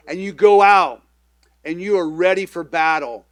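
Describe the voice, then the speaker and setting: A middle-aged man who pastors a church, preaching in a loose, conversational way, now loud and now hushed. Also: fairly high pitch, normal speed, dry recording. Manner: conversational, animated preaching with sudden swings in loudness. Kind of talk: sermon.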